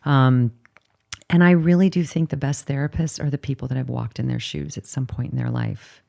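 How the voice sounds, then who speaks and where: A woman's voice: extremely low pitch, moderate pace, vocal fry, dark tone. A woman in her forties, a clinical director and therapist, answering interview questions in an earnest, emphatic way.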